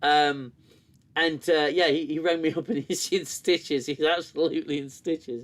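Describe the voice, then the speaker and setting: A man's voice: a little high, moderate pace. Candid, swearing man streaming. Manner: rambling and candid, swears often, laughs easily. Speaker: host of a TV review livestream. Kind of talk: casual livestream chat.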